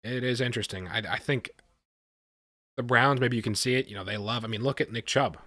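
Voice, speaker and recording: A man hosting a live stream, reacting with excitement and talking to his chat, often repeating himself. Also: mid-range voice, fairly quick, dry recording. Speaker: livestream host reacting to a draft.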